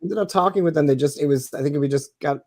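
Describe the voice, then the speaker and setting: A man speaking as a podcast guest in casual chat, talking in quick bursts with restarts. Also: fairly high pitch, a little mellow, dry recording, clean studio sound. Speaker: guest, meadery co-owner.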